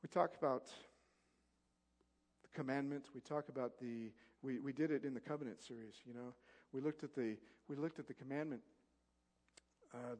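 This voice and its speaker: A male pastor preaching a sermon, swinging from loud emphatic peaks to soft storytelling. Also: medium pitch. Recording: long reverb of a large hall.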